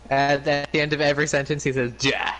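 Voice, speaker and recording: A man chatting casually with a friend while gaming, laid-back and swearing, with deadpan replies. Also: a little high, quick pace, a little hiss or hum.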